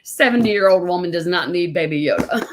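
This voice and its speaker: A woman's voice: on the low side, moderate pace. A middle-aged woman hosting a casual interview, telling stories chattily and acting out other people's lines with animation. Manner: chatty storyteller, animated when quoting others. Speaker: host.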